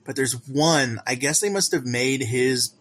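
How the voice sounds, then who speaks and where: A man's voice: mid-range voice, measured pace, fairly bright tone. A man co-hosting a podcast in casual chat, recapping an episode in a rambling, amused way. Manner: rambling, amused storytelling with acted-out quotes. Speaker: podcast co-host.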